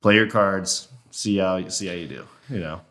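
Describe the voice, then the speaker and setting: A man guesting on a podcast, chatting casually and telling hunting stories with lively, animated delivery. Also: normal speed. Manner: animated storyteller who acts out elk talk in a high voice. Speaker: guest elk hunter and caller.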